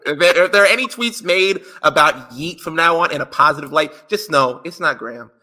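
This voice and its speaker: A man's voice: a little high, fairly quick, pushed and bright. A man co-hosting a podcast in casual chat, reading out listener answers in a joking, slangy, playful way. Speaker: podcast co-host.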